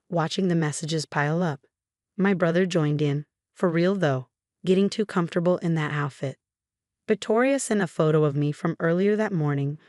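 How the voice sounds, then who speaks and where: A woman reading a first-person family drama story in a calm, even narration. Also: low voice, no echo, studio quality.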